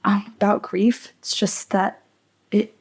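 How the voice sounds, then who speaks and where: A woman's voice: medium pitch, flat delivery, slow, breathy edge. A woman in her twenties being interviewed, talking in a chatty, emotional way about her college years. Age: 20s. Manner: chatty, emotional, soft-spoken at times. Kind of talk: casual chat.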